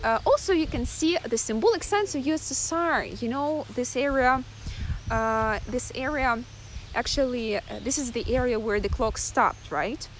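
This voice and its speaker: A woman from Ukraine, giving a live-streamed guided tour outdoors in a chatty way, full of fillers and pauses. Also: on the high side, slight background noise. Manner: chatty, hesitant with many fillers. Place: outdoors in a town.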